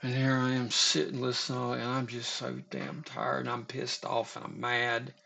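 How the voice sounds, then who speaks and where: A man's voice: medium pitch, moderate pace, creaky, pushed and bright. A man casually telling a story, rambling and profane, often stopping to restart his sentences. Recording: dull lo-fi recording.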